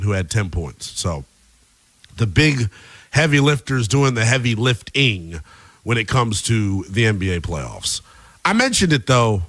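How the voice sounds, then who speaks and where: A male sports radio host talks through the night's games in a loose, slangy, conversational way. His voice sits at an ordinary pitch. The studio sound is dry and close, with no room echo. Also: a bit bright. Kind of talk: casual sports talk show.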